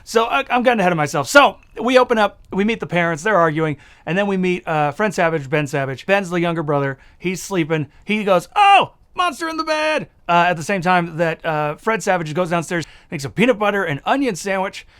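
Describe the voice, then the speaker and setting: A young man hosting a casual, jokey movie review who acts out characters in quick asides. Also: high-pitched, fairly bright tone, clean tone.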